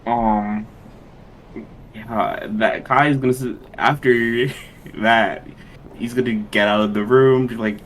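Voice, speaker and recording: A man playing in a tabletop role-playing game, talking in a casual, drawn-out way and laughing easily. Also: mid-range voice, fairly even intonation, fairly bright tone, slight background noise, rough recording. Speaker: player.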